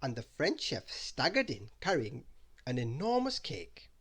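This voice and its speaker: A man reading a bedtime story aloud in an expressive, lively way. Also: medium pitch, measured pace, husky.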